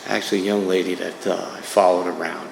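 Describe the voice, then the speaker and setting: A man's voice: sits low, steady tone, fast talker, vocal fry. Conversational man in an echoey hall. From New Jersey. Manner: conversational, peppered with "man" and "right". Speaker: speaker at a recovery meeting. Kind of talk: personal testimony talk. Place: meeting hall. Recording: echoey hall, faint room noise.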